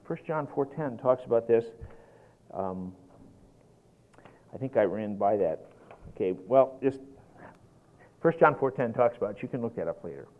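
A man preaching a sermon in an animated, folksy way, getting worked up as he goes. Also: medium pitch, moderate pace, pauses often. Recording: tinny lo-fi phone-like recording.

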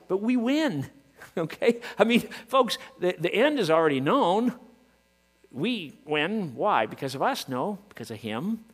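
A man preaching with real fire. His pitch swings widely and climbs high when he gets worked up. He fires off rhetorical questions, and his voice carries in a big hall with a long reverb and a faint mains hum. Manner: impassioned, rising to shouts, rhetorical questions. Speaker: pastor. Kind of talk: sermon.

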